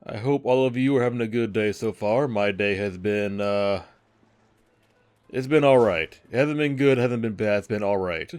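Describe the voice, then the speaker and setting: A man talks through a video game in a relaxed, rambling way, full of fillers. His voice sits a little low and sounds dry and close, with no room around it. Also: clear, resonant tone, no room sound. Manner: rambling, laid-back, drawn-out fillers. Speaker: game commentator. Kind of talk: casual gameplay commentary.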